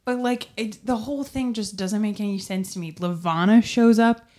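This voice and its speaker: Into a microphone, a young woman hosting a podcast gives a casual book chat, frequently laughing and sending up the characters in mock voices. She speaks at normal speed with a medium-pitched, darkish tone.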